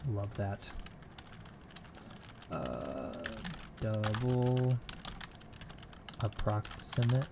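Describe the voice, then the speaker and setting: A man's voice: lowish voice, very animated, drawn-out words, gravelly, pauses often, very noisy. A man on a casual live stream, muttering code aloud to himself while he works and chatting with viewers from a home computer room.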